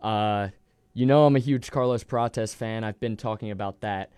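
A man's voice: on the low side, normal speed, darkish tone, clean tone, no echo. A young man hosting a college radio sports show, talking casually and rambling. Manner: rambling, with restarts and fillers.

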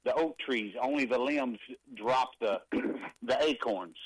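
Excited, folksy man. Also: mid-range voice, slow pace, slightly rough, no room sound, rough recording. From East Texas. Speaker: guest on a call-in ministry broadcast.

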